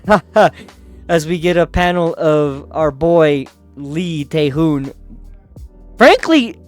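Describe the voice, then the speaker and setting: A man's voice: on the high side, darkish tone, clear, resonant tone. A man giving a casual, profane comic recap of a comic, full of fillers and laughter. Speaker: manhwa recap host.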